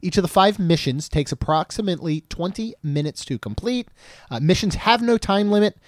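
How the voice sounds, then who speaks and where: A man's voice: high voice, animated, a little fast, no echo, studio quality. A man in his thirties co-hosting a podcast, chatting casually and joking, rambling with frequent restarts. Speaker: podcast co-host.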